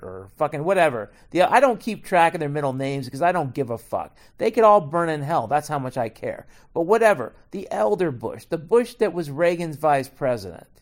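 A middle-aged man ranting in a profane, rambling, sarcastic comedic monologue. His pitch swings widely as he jumps from muttering asides to loud outbursts.

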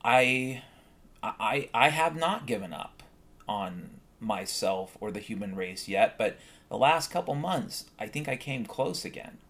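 A man's voice: mid-range voice, expressive, measured pace, a bit bright. A man hosting a solo podcast, ranting bluntly and swearing often in a heated monologue. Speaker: podcast host.

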